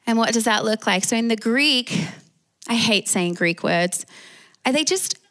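A woman's voice: fairly high pitch, moderate pace, a bit bright. A woman with an Australian accent preaching a sermon as pastor, calling out for amens from the congregation. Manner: preaching with call-and-response amens.

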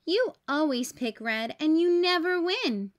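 Lady putting on a cocky little boy, bragging and teasing, high and slow, storybook read-aloud. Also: animated. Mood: boastful. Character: boastful competitive young boy.

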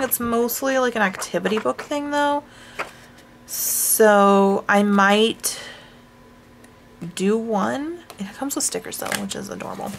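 Rambling woman with a gravelly voice. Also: medium pitch, slight background noise. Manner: rambling, self-deprecating, with sighs and hushed asides. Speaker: craft vlogger. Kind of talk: casual chat showing coloring books.

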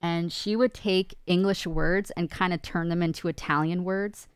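A chatty woman co-hosting a casual live stream, her voice smooth and on the low side. She reads viewer comments aloud and laughs easily, recorded close and dry with no room sound. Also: steady tone, moderate pace, few pauses, no echo. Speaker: stream co-host.

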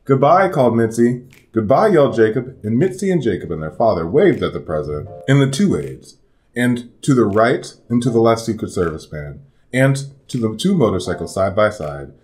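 A man's voice: lowish voice, very animated, normal speed. A man reading a picture book aloud to children, giving each character a voice. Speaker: storybook reader. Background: soft guitar music.

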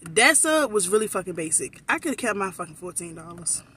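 A woman's voice: lowish voice, big pitch swings, brisk, bright, forceful tone, slight background noise. Woman vlogger, casual and blunt, swears freely, talks to viewers as y'all, phone mic. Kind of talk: casual vlog chat.

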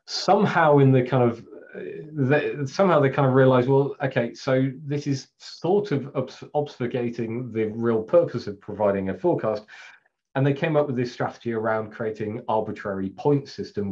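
A man's voice: mid-range voice, a little mellow. Chatty English man on a webcast. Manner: chatty, self-deprecating, laughs often, many fillers. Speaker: Scrum trainer presenting a webinar. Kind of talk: casual live presentation. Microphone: video call. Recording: slightly dull, lo-fi webcast audio.

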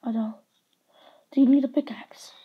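A woman's voice: high voice, steady tone, moderate pace, husky, phone-quality sound. A woman chatting and rambling playfully while playing a building game. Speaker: let's play host. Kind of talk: casual gameplay chat.

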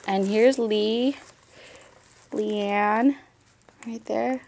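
Slow-talking gushing woman vlogger. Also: mid-range voice, gravelly, a little mellow. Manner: gushing, repeats exclamations often; talks straight to viewers. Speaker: paper-craft vlogger. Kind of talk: casual show-and-tell vlog.

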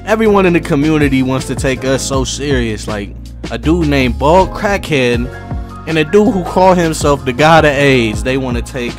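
A man talking casually and loudly to his viewers in slang, as a gaming YouTuber. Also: medium pitch, lively intonation, moderate pace. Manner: loud, laid-back, slangy. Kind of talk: casual vlog talk to viewers. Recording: voice over loud background music.

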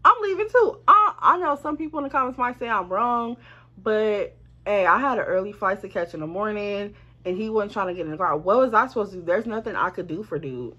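A woman tells a story straight to her viewers, animated and quick to swear. She keeps it slangy and casual, calling out to her audience as she goes. The recording sounds slightly dull and lo-fi. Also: mid-range voice. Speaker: storytime vlogger.

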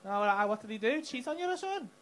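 Racing along in a very high-pitched voice with lively intonation, a comedian works the crowd onstage with crude, cheeky jokes. Loud laughter and noise from the live club audience fill the background.

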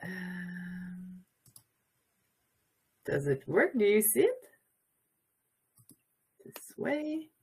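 Casting: low-pitched woman, Quebec French accent, hesitant non-native English, union talk on a video call. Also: sing-song, extremely slow, long pauses, darkish tone, husky. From Quebec, Canada. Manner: hesitant, many fillers and restarts, non-native phrasing. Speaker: childcare educator and union representative. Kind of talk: symposium presentation. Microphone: video call mic.

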